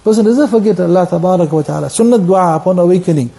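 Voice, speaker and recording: A man preaching a sermon in impassioned storytelling style, mixing English with Arabic phrases and quick bursts of recitation. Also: high voice, creaky, dark tone.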